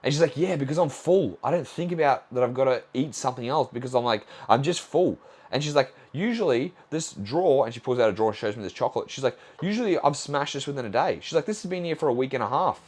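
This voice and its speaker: A man's voice: medium pitch, lively intonation, quick pace, darkish tone. A man hosting a solo nutrition podcast, blunt and casual with frequent swearing, acting out conversations with clients. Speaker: nutrition coach and podcast host.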